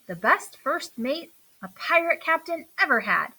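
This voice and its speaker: A woman reading aloud and voicing a bold male pet who plays a pirate captain and gives loud orders. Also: high-pitched, very animated, a little slow, voice pushed up, exaggerated voice, rough recording. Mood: earnest.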